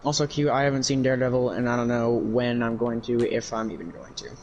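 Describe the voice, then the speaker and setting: A man's voice: mid-range voice, flat delivery, fast talker, a little mellow, highs cut off, slight background noise. A man streaming a video game, ranting about it in profane, frustrated commentary. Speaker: gaming streamer. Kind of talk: casual livestream commentary.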